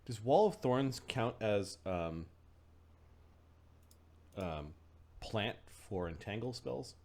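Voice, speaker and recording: Low-voiced man reading out game rules. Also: expressive, slow pace, a little mellow. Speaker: player. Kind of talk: playing a tabletop game.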